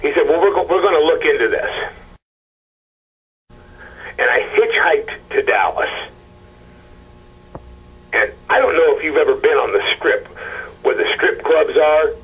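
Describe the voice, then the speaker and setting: A man recounting a painful personal story in a halting, stammering way, acting out the people he quotes. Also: on the high side, expressive, husky, narrow, tinny audio. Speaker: husband of a missing woman, interview guest. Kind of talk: emotional personal account.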